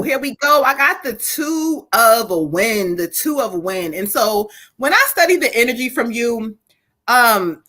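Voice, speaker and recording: A woman's voice: sits high, pushed and bright. A woman hosting a live psychic reading stream who banters, laughs and swears with viewers before reading cards for them. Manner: laughing, bantering, profane, addresses viewers directly.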